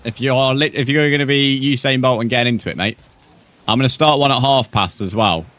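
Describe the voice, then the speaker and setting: A man's voice: mid-range voice, fairly quick, fairly bright tone. A young man streaming a game live, chatting casually with viewers and swearing freely. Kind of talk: live gaming commentary, reading chat.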